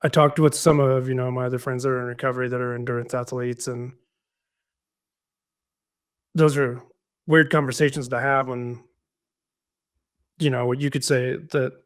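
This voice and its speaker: A man's voice: mid-range voice, little pitch movement, moderate pace, long pauses. Reflective man telling his story. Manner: reflective, with frequent fillers and restarts. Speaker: podcast guest in recovery. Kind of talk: casual conversational storytelling.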